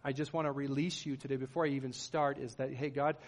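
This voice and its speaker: A man's voice: mid-range voice, flat delivery, fast talker, long reverb tail. A middle-aged man, a pastor, preaching a sermon in an earnest, conversational way, with rising emphatic bursts.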